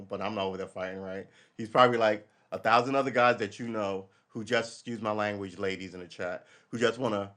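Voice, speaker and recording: Brief: middle-aged male streamer, casual profane commentary, mid-pitch voice, rambles and acts out quick bits of dialogue. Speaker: live stream host. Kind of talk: casual live commentary, reacting to a news article.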